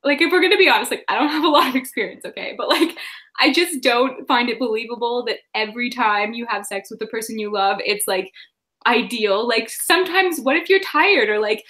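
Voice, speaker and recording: Bright, chatty young woman hosting a livestream. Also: on the high side, fairly quick. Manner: chatty, laughing, many fillers. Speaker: livestream host. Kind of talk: casual book chat.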